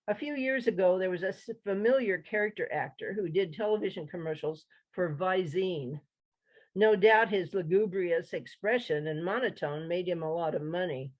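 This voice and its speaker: A woman hosting and reading her own prose aloud at a writers' meeting, in an expressive storytelling manner. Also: fairly low pitch, measured pace. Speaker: reader and host. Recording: slightly muffled lo-fi recording.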